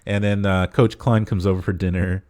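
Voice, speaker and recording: Deep-voiced man rambling through a movie recap. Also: level tone, normal speed, darkish tone. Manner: rambling plot recap full of "uh" fillers. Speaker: podcast co-host. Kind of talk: casual movie review chat.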